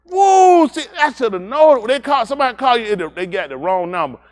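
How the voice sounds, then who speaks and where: Lively, high-voiced man telling a story. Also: normal speed. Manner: animated, repeats "I said", laughs through the story; preachy, direct warnings to young listeners. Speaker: speaker at a livestreamed congregation. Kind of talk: anecdotal storytelling with a moral.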